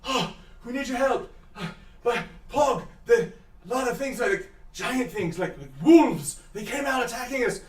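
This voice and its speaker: A man's voice: very high voice, animated, unhurried, echoey room, far from the mic, voice pushed up. A man voicing a panicked young male adventurer who talks like a surfer dude. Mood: frantic. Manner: frantic, breathless, says dude constantly.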